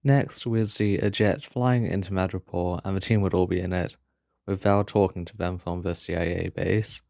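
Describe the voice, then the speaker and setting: A man reading out his own fan story pitch, with casual asides between the narration. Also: fairly even intonation, moderate pace, vocal fry, darkish tone, no echo, studio quality.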